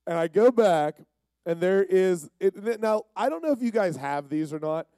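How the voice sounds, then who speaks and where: A man's voice: high voice, lively intonation, normal speed, mellow, no echo. A man from Pennsylvania giving a casual, jokey, rambling storytelling sermon. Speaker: youth speaker.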